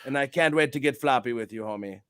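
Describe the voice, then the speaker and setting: A man's voice: medium pitch, fast, fairly bright tone, clear, resonant tone, dry recording, clean studio sound. A man hosting a casual livestream show, brash and hyped, swearing freely and plugging his wrestling bookings. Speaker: host.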